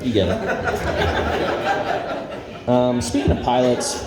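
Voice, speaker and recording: A man's voice: medium pitch, steady tone, takes it slowly, over a noisy crowd. A man doing an awkward, self-deprecating stand-up set on a club stage, full of ums and trailing off. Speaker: stand-up comedian. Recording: roomy club sound with audience noise. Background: audience laughter.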